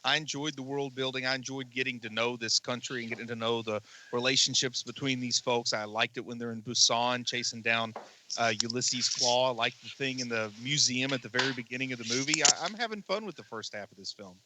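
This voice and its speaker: A man co-hosting a movie podcast, chatting casually and voicing strong, animated opinions. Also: mid-range voice, noisy background. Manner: animated, opinionated, quick jokes. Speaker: podcast co-host.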